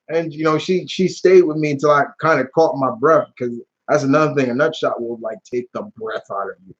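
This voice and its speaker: A man's voice: a little high, moderate pace, slightly rough, dull audio. A man hosting a live question-and-answer stream, chatting casually and telling rambling stories full of slang. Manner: rambling, animated storytelling with slang and restarts. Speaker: YouTube channel host answering live chat questions.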